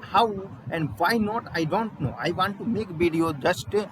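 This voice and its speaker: A young man with an Indian accent, a Hindi speaker, practicing spoken English into his laptop in a halting, word-searching way. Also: sits high, lively intonation, background noise. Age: young adult. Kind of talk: self-recorded practice monologue. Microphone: laptop microphone.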